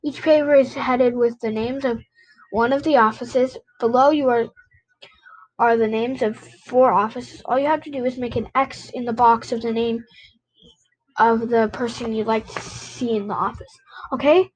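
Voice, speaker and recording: A woman voicing an organized, bossy teenage girl who leads a club, reading a novel aloud in a brisk, businesslike way. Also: fairly high pitch, fairly even intonation, slight background noise, lightly acted, poor audio.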